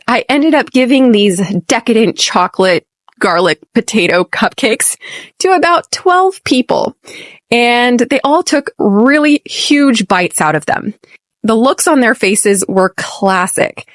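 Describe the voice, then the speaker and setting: An American woman hosting an English lesson podcast, speaking clearly and deliberately and modeling phrases slowly for repetition. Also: mid-range voice, no room sound, clean studio sound. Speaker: podcast host and English teacher.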